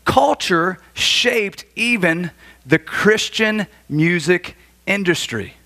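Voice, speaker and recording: A man in his forties from Florida, preaching a sermon as a pastor and telling stories with animated, acted-out dialogue. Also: sits high, slow. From Florida, USA. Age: 40s. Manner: animated storytelling, acts out dialogue. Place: church.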